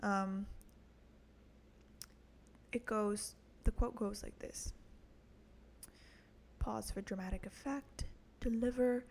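A woman's voice: medium pitch, fairly even intonation, takes it slowly, gravelly, pauses often, darkish tone, slight background noise. A young woman hosting her own podcast in a casual solo monologue, crude and self-mocking, swearing often and laughing at her own jokes. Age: young adult. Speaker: podcast host.

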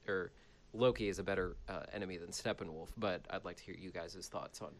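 A man co-hosting a podcast in casual chat, laid-back and quick to laugh. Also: low-pitched. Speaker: podcast co-host.

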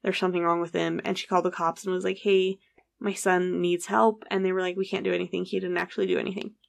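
A woman's voice: fairly low pitch, quick pace, gravelly. A woman casually telling a true story, acting out the people's lines and swearing freely. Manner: animated, acts out quoted dialogue, swears casually.

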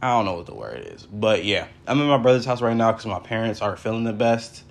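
A man's voice: on the low side, expressive, fast talker, vocal fry. Rambling young man chatting casually. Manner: rambling, many fillers like "like" and "for real". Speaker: podcast host. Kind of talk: casual solo chat. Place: his brother's house.

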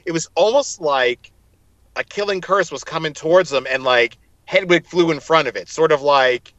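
Animated man retelling with acted-out quotes. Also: on the high side, moderate pace, no echo, muffled recording. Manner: animated retelling, acts out quoted lines, laughs often. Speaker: podcast co-host. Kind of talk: casual chat.

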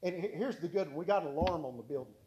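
A man's voice: fairly high pitch, very fast, lo-fi sound, noisy background. A man preaching a sermon, telling folksy stories and repeating his points for emphasis. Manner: folksy storytelling with emphatic repetition.

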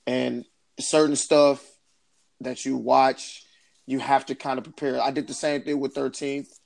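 A man's voice: mid-range voice, little pitch movement, a little slow, gravelly, darkish tone. A man in his thirties hosting a podcast in casual chat, rambling and hesitant, with lots of fillers. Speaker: podcast host.

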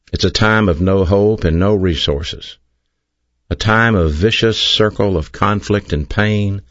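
A man preaching an earnest sermon as pastor, stressing key phrases slowly. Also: low-pitched, no room sound, dull audio. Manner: earnest, emphatic preaching with slow drawn-out stresses.

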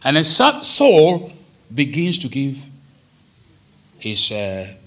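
A male pastor preaches in a lively sermon. His voice is a little husky and rises and falls a lot. He breaks into sudden dramatic quoted lines. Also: medium pitch, slow pace. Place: church hall.

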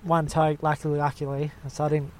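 A man's voice: a little high, level tone, fairly quick, crowd noise. A young Australian man from Western Australia telling a long, rambling story in casual chat, full of slang and fillers.

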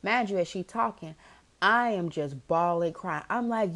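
A woman hosting a podcast, telling a story in an animated, emphatic casual monologue, swearing and calling the listener "girl". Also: lowish voice, measured pace. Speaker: podcast host.

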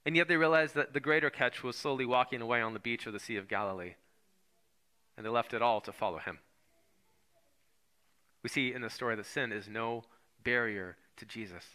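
Bright-voiced man preaching a sermon. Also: mid-range voice, a little fast, long pauses. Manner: conversational, acts out voices of the Bible figures. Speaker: pastor.

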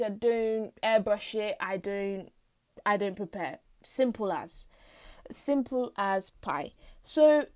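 A woman's voice: on the high side, a little mellow. A teenage girl hosts her own podcast from home, rambling off the cuff in a playfully dramatic way and sounding tired. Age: teens. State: tired, lightheaded. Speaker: podcast host. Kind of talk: unscripted casual monologue. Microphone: home mic.

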